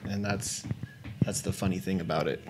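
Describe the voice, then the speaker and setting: A man's voice: deep voice, steady tone, moderate pace, very noisy. A man co-hosting a casual podcast, laid-back and opinionated. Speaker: podcast co-host.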